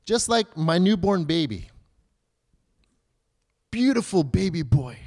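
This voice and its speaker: Male pastor, thirties, slightly high voice, chatty sermon delivery with rhetorical questions. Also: sing-song, slow, a little mellow. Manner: conversational preaching with rhetorical questions; acts out children's and believers' pleas in a higher voice.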